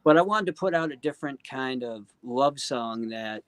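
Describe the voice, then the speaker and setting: A man's voice: mid-range voice, expressive, moderate pace, a bit bright, no echo. Earnest man, heartfelt and rambling. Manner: earnest, heartfelt, full of "you know" and "um". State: choked up. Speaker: guest singer-songwriter. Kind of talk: casual interview talk.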